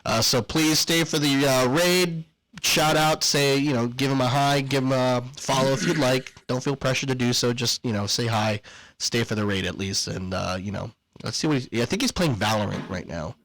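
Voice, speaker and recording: Breathless and talking at normal speed, this man has a medium pitch and a slightly bright tone, and the recording quality is low. He co-hosts a podcast, joking and rambling through an ad with lots of fillers before casually signing off, keeping the chat and ad read informal.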